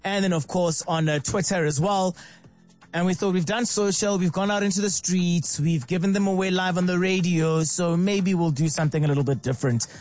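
A high-voiced South African man presents a radio show in a lively, chatty way. He keeps breaking into playful, sing-song bits. Music plays softly behind him in the studio. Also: fairly quick. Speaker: radio host.

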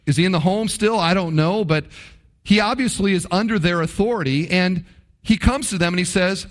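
A man preaching a sermon as a pastor, emphatic and animated, with dramatic pauses and acted-out quotes. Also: high-pitched.

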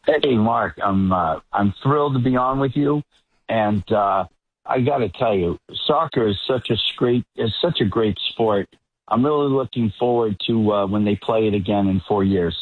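A male radio roundtable guest with a wry, relaxed way of talking, calling in over a remote line. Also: on the low side, normal speed, no room sound. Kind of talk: casual talk radio discussion. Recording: tinny phone-like remote line.

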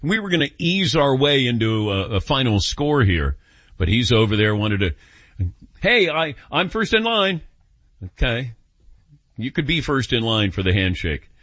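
A man's voice: fairly low pitch, expressive, normal speed, fairly bright tone, no room sound, muffled recording. An older man hosting a call-in radio talk show, chatty and self-deprecating, telling personal stories. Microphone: studio microphone.

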